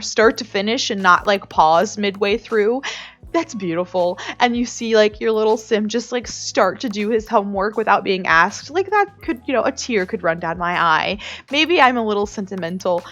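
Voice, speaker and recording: A woman's voice: medium pitch, moderate pace. A woman chatting casually over her building footage, sentimental and full of fillers and restarts. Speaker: game builder and video creator. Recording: slightly dull audio with soft music beneath.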